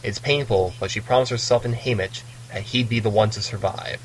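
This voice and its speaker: A man's voice: on the low side, steady tone, brisk, slight background noise, low-quality recording. A man co-hosting a casual book discussion, recapping the plot with playful asides. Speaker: podcast co-host recapping a novel.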